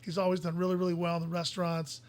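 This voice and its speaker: A man's voice: high voice, monotone. A man co-hosting a podcast, telling stories in casual chat and often repeating words as he goes. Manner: fast storytelling, restarts and repeats words. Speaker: podcast co-host.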